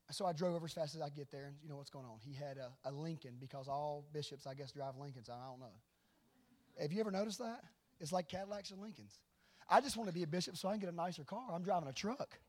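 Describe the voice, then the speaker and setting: Animated high-voiced male preacher. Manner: animated, swings from hushed to loud. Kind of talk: sermon with storytelling.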